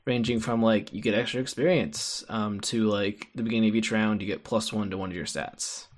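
A lower-voiced man explaining a game's rules in a casual podcast chat. He talks loosely, with plenty of fillers as he lists examples. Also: brisk. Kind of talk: casual card game discussion.

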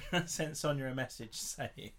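A man co-hosting a comic podcast, talking in a relaxed way. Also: mid-range voice, measured pace. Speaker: podcast co-host.

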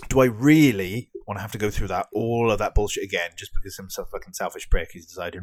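A young British man rants in a loose, sweary vlog, trading sarcasm with plenty of ums and restarts. His voice sits low, and the sound is close and dry, with no room around it. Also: fast, few pauses, no echo. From Britain. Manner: sweary, sarcastic ranting with many fillers. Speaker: vlogger. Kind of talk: ranting vlog.

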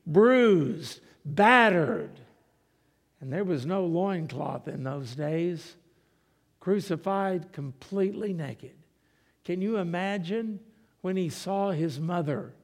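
A man preaching a sermon in a slow, dramatic style, dropping to a hush and rising for emphasis. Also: sits high. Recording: long reverb of a large hall.

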